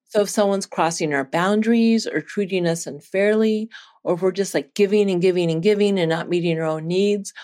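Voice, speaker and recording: A woman speaking as a guest on an interview, earnest and animated as she tells a story. Her pitch sits in a middle range and she laughs easily along the way. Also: fairly quick. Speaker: psychology researcher guest.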